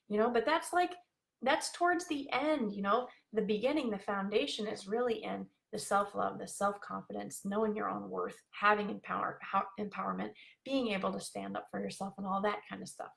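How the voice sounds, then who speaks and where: Woman, life coach, live stream talk, bubbly, filler-heavy, creaky fry. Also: medium pitch, a bit bright. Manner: bubbly, chatty, many fillers.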